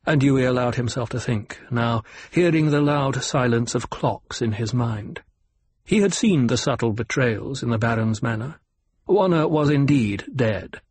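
Slow, husky male audiobook narrator. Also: mid-range voice, a little mellow, no room sound. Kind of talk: scripted narration.

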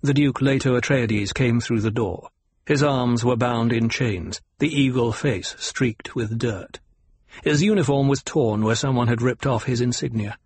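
A man narrating an audiobook in an unhurried, even storytelling manner. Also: medium pitch, breathy edge. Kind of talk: scripted narration.

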